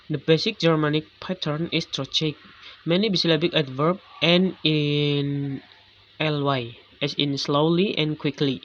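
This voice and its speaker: A man's voice: on the high side, a bit bright. A man reading a lesson on English word stress aloud, with frequent restarts on words. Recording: dull lo-fi recording.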